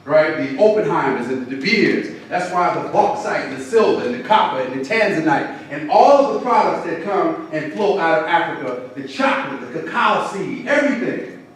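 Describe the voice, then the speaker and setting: A male professor lectures with a preacher's rhythm, stacking items and hammering a one-word refrain. His voice sits a little high for a man. It was recorded from a distance in a very echoey hall, with faint room noise. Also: animated, normal speed. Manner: preacherly call-and-response cadence, punchy repeated refrains. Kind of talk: lecture to a community audience.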